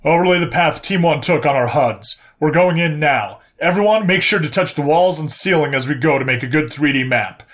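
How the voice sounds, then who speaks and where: A man's voice: on the high side, brisk, few pauses, a bit bright, natural voice. A man doing a terse squad leader. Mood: commanding. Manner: clipped, commanding.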